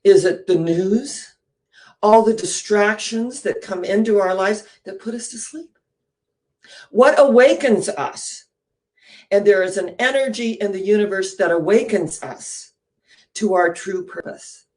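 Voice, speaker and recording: A woman minister giving a sermon, telling a story with lively rhetorical questions and sudden drops to a hushed, breathy near-whisper. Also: mid-range voice, a little slow.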